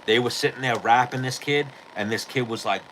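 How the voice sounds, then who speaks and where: A man's voice: medium pitch, fairly quick, fairly bright tone, a little hiss or hum, low-quality recording. A male podcast host telling a rambling, profane story in casual chat.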